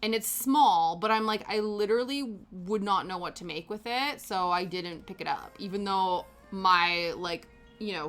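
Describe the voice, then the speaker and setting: A woman's voice: mid-range voice, moderate pace, fairly bright tone. A woman chatting casually while she knits on a stream at home, rambling and laughing often. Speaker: knitting streamer. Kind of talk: casual chat while knitting. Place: home, on a sofa. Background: faint background music.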